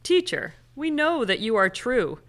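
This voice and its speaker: A woman's voice: fairly high pitch, big pitch swings, a little slow, fairly bright tone. Woman reading scripture aloud. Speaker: scripture reader.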